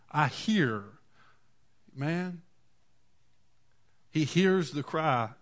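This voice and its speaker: A man, preaching a sermon in a folksy storytelling way, moving from quiet asides to loud cries. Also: medium pitch. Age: 40s. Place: church.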